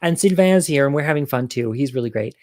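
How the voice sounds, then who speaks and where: A man's voice: mid-range voice, animated, fast talker, darkish tone, dry recording, clean studio sound. A man telling a personal story to viewers over a livestream, candid and chatty, poking fun at himself and laughing at his own jokes. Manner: candid, self-mocking humor.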